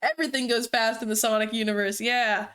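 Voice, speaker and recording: A woman's voice: fairly high pitch, fairly even intonation, a little fast, a bit bright. Brief: young female streamer, amused storyteller reading fanfic. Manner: amused, breaks off to comment.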